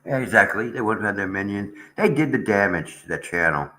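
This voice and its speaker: A man's voice: on the low side, animated, a little fast, sharp tone, low-quality recording. A man hosting a casual livestream chat, rambling and aggrieved as he talks to viewers in the chat. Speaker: channel host.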